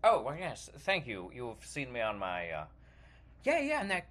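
Brief: pompous famous actor with a British accent, put on by a man, patronizing, animated delivery. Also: medium pitch, moderate pace, voice pushed down. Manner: grand and patronizing, calls others 'dear fellow' and 'chap'. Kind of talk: comedy sketch.

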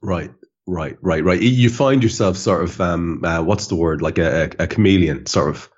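A husky man with a lowish voice hosts a loose podcast chat. He swears freely and breaks into quick laughs. The audio is dull and lo-fi. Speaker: podcast host. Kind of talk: casual chat.

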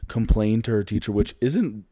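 A man with a very low, mellow voice co-hosting a casual chat. He teases his partner in a dry, laid-back way. The recording is close and dry. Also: lively intonation, normal speed, dry recording. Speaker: podcast co-host.

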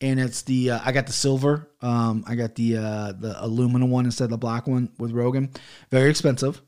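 A man's voice: mid-range voice, level tone, fairly quick, darkish tone, smooth. A man hosting his own podcast from a home studio office, ranting heatedly and swearing often. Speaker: podcast host. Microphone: studio mic on an arm.

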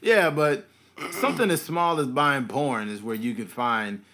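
In an unhurried, mid-range voice, a young man on a podcast shares stories in relaxed conversation, animatedly voicing the people he quotes.

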